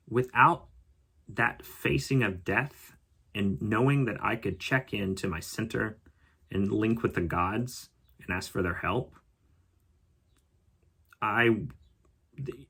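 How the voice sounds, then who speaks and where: A man calmly telling a personal story as a podcast host, reflective and unhurried. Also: sits low, creaky, breathy edge. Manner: calm, reflective storytelling with occasional laughs.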